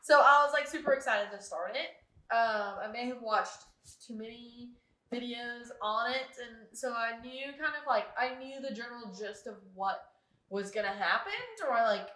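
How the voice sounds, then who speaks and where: A young woman talks casually to her camera about books she has read, rambling along with fillers and little laughs. Her voice is bright and sits a bit high. The room around her is echoey. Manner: chatty, rambling, with frequent laughs and filler words. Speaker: book vlogger.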